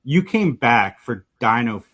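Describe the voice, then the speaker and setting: A man's voice: medium pitch, sing-song, unhurried, a bit bright, slightly rough. A man hosting a podcast, asking the guest questions with many fillers and restarts. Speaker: podcast host. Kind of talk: casual interview questions.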